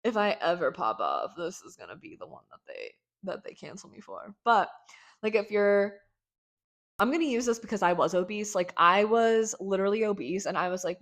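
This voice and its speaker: A woman's voice: medium pitch, very animated, moderate pace. Chatty young woman rambling with fillers. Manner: chatty, filler-heavy, irreverent, swears and jokes. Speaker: podcast host. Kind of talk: casual solo podcast rambling.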